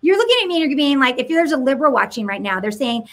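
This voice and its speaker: A woman with a high voice delivers an impassioned monologue to camera. She mocks her targets, fires off rhetorical questions and slips into voices. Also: sing-song, fast talker. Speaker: political commentator.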